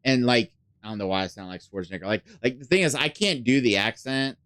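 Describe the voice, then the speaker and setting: A man's voice: mid-range voice, animated, fast talker, a bit bright, dry recording. A man casually commenting on a puzzle game as he plays, rambling with lots of fillers and the odd swear, sometimes dropping to a mutter. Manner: drops to a mutter when thinking aloud. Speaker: gaming channel host. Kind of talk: casual let's play commentary.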